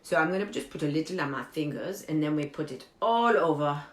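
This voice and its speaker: A woman's voice: low-pitched, fairly quick, natural voice. A woman doing a quirky beauty guru, echoey room. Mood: earnest. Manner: earnest and deadpan, with playful broken English. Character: eccentric foreign woman giving absurd beauty tips. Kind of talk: improvised comedy character monologue.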